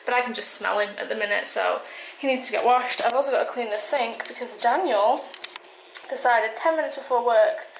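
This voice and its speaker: A woman's voice: on the high side, a little fast, slight background noise, low-quality recording. A young woman vlogging casually at home, chatty and a little anxious, talking straight to her handheld camera. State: out of breath. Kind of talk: casual day-in-the-life vlog. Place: at home, indoors.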